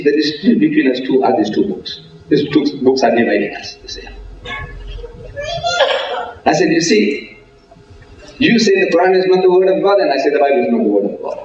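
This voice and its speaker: A man giving a public religious lecture, telling stories, acting out dialogue and asking the audience rhetorical questions. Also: on the high side. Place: civic centre hall. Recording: echoey hall from far off, dull lo-fi sound.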